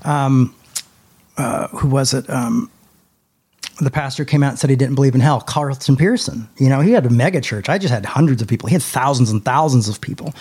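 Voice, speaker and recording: A young adult man telling a personal story in a casual podcast chat, with his voice jumping up high when he quotes others. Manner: animated, rises high when quoting others. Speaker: podcast co-host.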